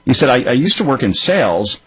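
A man's voice: mid-range voice, sing-song, brisk, fairly bright tone, slightly rough, rough recording. A man hosting a radio show, chatting loosely and digressively. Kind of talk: casual radio talk.

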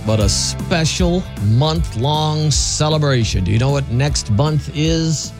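A man's voice: on the high side, expressive, slow pace, over music. A man hosting a radio show, quizzing his co-hosts in a playful, teasing way. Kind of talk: casual radio banter. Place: radio studio.

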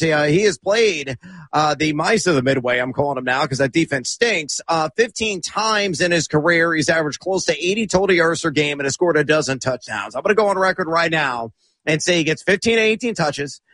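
A man's voice: fairly high pitch, fairly bright tone, no echo. A man giving fantasy football predictions on a sports radio show, confident and full of puns.

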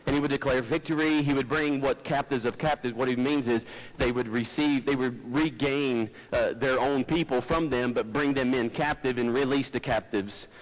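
Male pastor, chatty sermon, low-key folksy delivery, headset mic close to the mouth. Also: steady tone, moderate pace, hardly any pauses, low-quality recording. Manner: low-talking, folksy, digressive, stumbles and restarts. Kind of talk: conversational sermon.

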